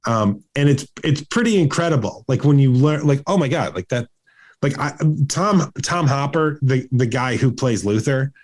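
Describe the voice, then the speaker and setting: A man with an animated, mid-range voice talks at normal speed as co-host of a casual movie podcast. He chats in long, rambling runs full of restarts and fillers.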